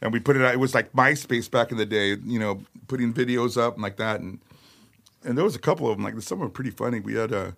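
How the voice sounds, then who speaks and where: A middle-aged man, a metal singer telling stories as a podcast guest, animated, laughing and swearing freely. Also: medium pitch, fast, gravelly. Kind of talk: casual storytelling chat. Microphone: podcast studio mic.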